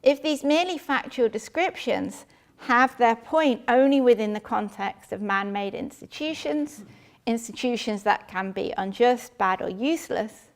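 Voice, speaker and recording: A woman giving a measured academic philosophy lecture in a lecture hall. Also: a little high, vocal fry. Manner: measured, reads out quotations.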